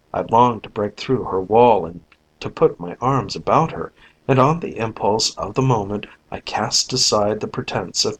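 A man narrating a story in an even, measured audiobook reading. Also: fairly low pitch, slightly rough, rough recording. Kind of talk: scripted narration.

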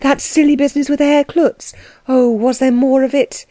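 A woman reading a gentle young aunt who speaks softly and pleadingly. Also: sits high, little pitch movement, normal speed, no room sound, voice pushed up, lightly acted. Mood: tender.

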